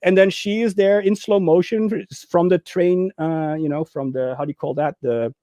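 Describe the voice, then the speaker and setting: He's a co-host on a movie talk show, energetically telling stories and acting out scenes loudly in a casual discussion. The voice is high, the speed normal, and there's no echo.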